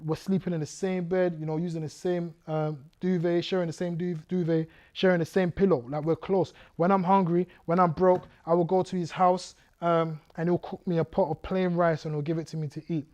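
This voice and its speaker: Animated man telling his testimony. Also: fairly high pitch, brisk, hardly any pauses. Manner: vivid storyteller who reenacts scenes and directs the audience. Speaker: guest speaker. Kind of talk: testimony storytelling to a youth audience.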